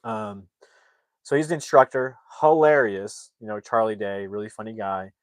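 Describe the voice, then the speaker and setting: A man's voice: on the low side, steady tone, normal speed, no room sound. A man casually recapping a comedy film's plot, rambling with lots of "like" and restarts. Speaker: movie reviewer.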